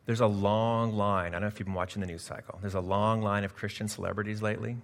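Low-voiced male pastor preaching with fervor. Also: fairly even intonation, fast talker. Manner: swings from quiet confiding asides to loud emphatic preaching; self-deprecating, laughs at himself. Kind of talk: sermon.

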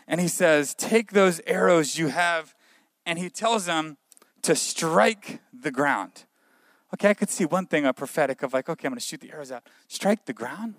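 Fervent high-voiced male preacher. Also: fairly quick, fairly bright tone, no room sound. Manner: fervent preaching, repetitive exhortation. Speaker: pastor. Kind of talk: sermon.

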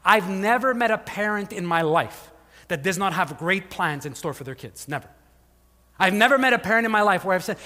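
A male pastor preaching a sermon, telling the story with animated asides and acted-out voices, often saying "like". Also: high voice, fast. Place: church hall. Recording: long hall reverb.

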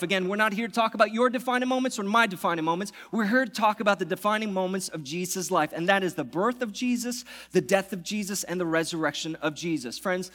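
A man preaching a sermon as pastor, swinging from loud, excited passages to hushed, reverent ones. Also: high voice.

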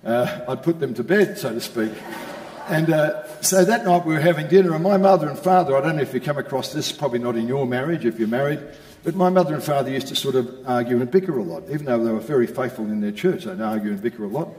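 An older man preaching in a roomy hall with a long, ringing reverb. He tells a personal story in a mid-pitched voice, then lifts into emphatic exhortation. The sound carries the echo of a large church space. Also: animated, fast, darkish tone. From Australia. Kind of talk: sermon testimony. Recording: echoey hall.

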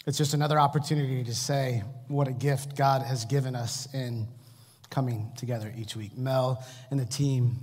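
A middle-aged man preaching a sermon as pastor, telling humorous family stories and asking the congregation to answer. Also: mid-range voice. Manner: humorous storytelling, asks the congregation for replies. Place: church hall with long reverb. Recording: echoey church hall.

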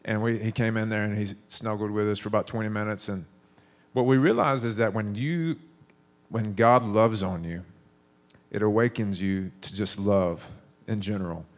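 A man's voice: lowish voice, fairly even intonation, normal speed. A man in his thirties preaching a sermon, telling stories in a conversational way with frequent restarts.

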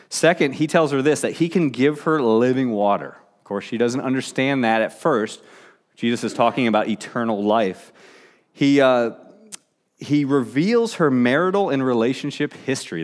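Middle-aged male pastor, conversational sermon delivery, restarts and fillers, mid-pitched.

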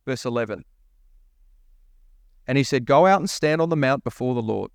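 A man's voice: mid-range voice, expressive, normal speed, smooth, no echo, studio quality. A male pastor preaching a sermon, asking the congregation rhetorical questions and reading scripture aloud. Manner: reads scripture aloud, voicing the prophet's lines.

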